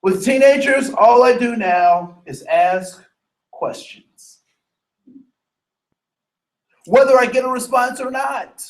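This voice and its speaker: A man's voice: very high voice, slow, pauses often, poor audio. A man leading a training workshop, telling stories with acted-out voices and putting questions to the room. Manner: animated storyteller acting out voices, asks the audience questions. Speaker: diversity trainer. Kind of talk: workshop lecture.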